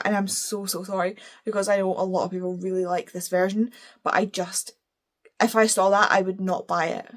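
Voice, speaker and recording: A woman's voice: medium pitch, fairly even intonation, fairly quick. A British woman talking casually as a book reviewer, opinionated and gushing, with playful self-deprecating apologies. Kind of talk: casual chat.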